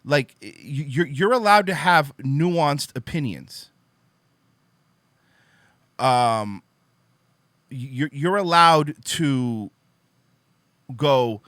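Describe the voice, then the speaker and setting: A man's voice: a little high, lively intonation, extremely slow, long pauses, a bit bright, no echo, studio quality. A young man hosting a podcast, ranting in a casual opinion monologue, profane and emphatic. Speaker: podcast host.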